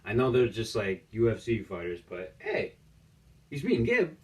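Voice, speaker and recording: A man's voice: lowish voice, wildly swooping pitch, normal speed, darkish tone, a little hiss or hum. A young man giving casual, mocking reaction commentary as a YouTuber, joking and ranting about the clips he watches. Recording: distant mic with faint music.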